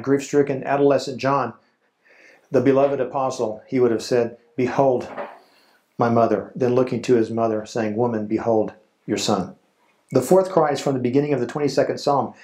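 A man preaching a sermon at a medium pitch. He speaks slowly and solemnly, pausing for weight between phrases. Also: a little mellow. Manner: slow, solemn preaching with dramatic pauses. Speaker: pastor.

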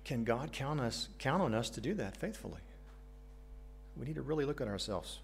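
A man's voice: medium pitch, lively intonation, moderate pace, creaky, slight background noise. An American man preaches a sermon in an earnest tone. He puts questions to the congregation and drops in light jokes between his points. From United States. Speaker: pastor.

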